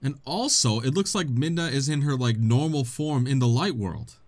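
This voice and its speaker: A young man giving excitable, joking commentary while playing a video game, often laughing and swearing. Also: mid-range voice, moderate pace. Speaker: gaming video host. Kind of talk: let's play commentary.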